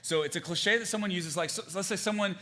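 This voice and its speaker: Pastor, male, bright tense voice, pitched a bit high; loose, chatty sermon delivery with lots of restarts and acted-out quotes. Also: quick pace. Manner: conversational and animated, many fillers and restarts, acts out quotes. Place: church stage.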